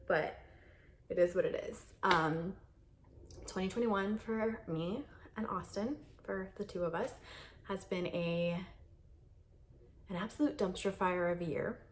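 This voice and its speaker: A woman's voice: fairly low pitch, moderate pace, a little hiss or hum. A young woman vlogger chatting candidly to a camera on a tripod in a carpeted guest room, rambling with many fillers and laughs. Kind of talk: casual chat to camera.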